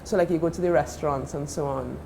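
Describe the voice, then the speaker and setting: A woman's voice: deep voice, steady tone, quick pace, vocal fry, mellow, a little hiss or hum. A Trinidadian woman telling stories as a guest in casual chat in a TV studio. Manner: chatty, storytelling.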